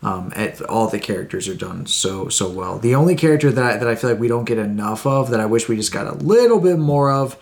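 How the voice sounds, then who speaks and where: A man's voice: mid-range voice, expressive, a little fast, vocal fry, hardly any pauses. Rambling podcast co-host, a man. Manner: rambling, self-correcting. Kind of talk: casual chat.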